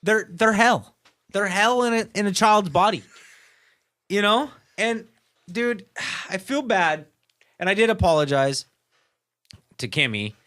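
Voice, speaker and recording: Speaking in a high pitch at a measured pace with frequent pauses, a male podcast co-host relates a story conversationally. He curses freely and lively acts out what others said.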